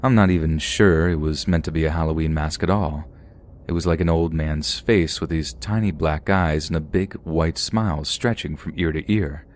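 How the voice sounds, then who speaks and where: A man reading a first-person horror story as scripted narration, telling it steadily and slowing down at the tense moments. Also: rumbling low.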